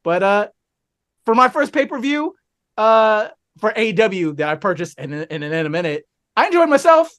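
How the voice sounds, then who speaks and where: A man's voice: sits high, very animated, moderate pace, fairly bright tone. A man hosting a casual podcast chat, talking in a laid-back, rambling way and steering the conversation. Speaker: podcast host.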